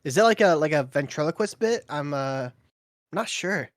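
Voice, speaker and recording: A man casting an esports match, easygoing, laughing often and filling pauses with ums. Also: fairly high pitch, animated, dry recording, studio quality. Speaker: esports caster. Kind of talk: play-by-play commentary.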